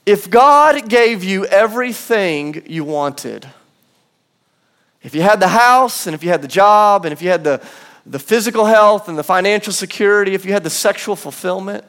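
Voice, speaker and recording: Man, pastor, sermon, high-pitched voice, earnest, emphatic pauses, soft asides. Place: church auditorium.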